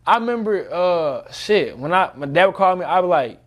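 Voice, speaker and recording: This is a young man with a notably high-pitched voice, chatting casually among friends. He tells his stories with animated energy and breaks into laughs as he goes. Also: moderate pace. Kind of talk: casual chat.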